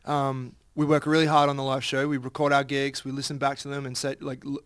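A man's voice: medium pitch, monotone, a little fast, a bit bright, clean tone, no echo, clean studio sound. A man in a band chatting upbeat in an interview, laughing often. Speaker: band member. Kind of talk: casual interview chat.

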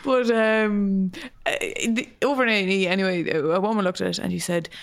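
A woman tells a long, animated story as a podcast co-host, laughing often and swearing freely. Her voice sits at an ordinary middle pitch. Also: moderate pace, vocal fry. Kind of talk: casual storytelling chat.

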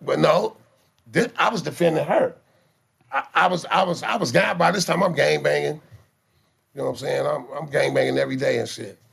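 A man with a very gravelly, husky voice pitched a little high tells rough stories in a casual chat. He talks in profane slang and is animated, often stammering and restarting his sentences. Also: a little fast. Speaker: guest telling life stories.

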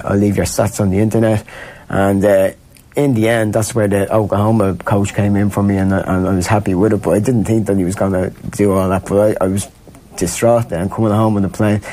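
A man's voice: lowish voice, warm tone. A man with an Irish accent, a guest telling stories in a rambling, chatty way with frequent laughter. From Ireland. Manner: rambling, laughs often, many restarts. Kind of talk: casual storytelling chat.

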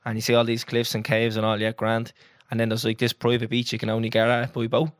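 Fast-talking Irish man telling stories. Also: mid-range voice, dry recording. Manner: animated, sweary storyteller. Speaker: podcast co-host. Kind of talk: casual chat.

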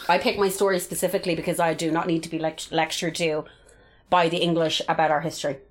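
An Irish woman in her thirties co-hosting a casual podcast, animated and sweary, often acting out what people said. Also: deep voice, fast talker, a little hiss or hum. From Ireland. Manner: animated, sweary, acts out voices. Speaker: podcast co-host. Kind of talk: casual chat.

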